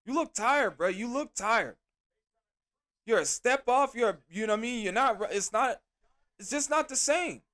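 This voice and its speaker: A man hosting a podcast, reviewing a wrestling show in an animated, exasperated rant full of slang. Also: very high voice, a little slow, pauses often. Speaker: podcast host.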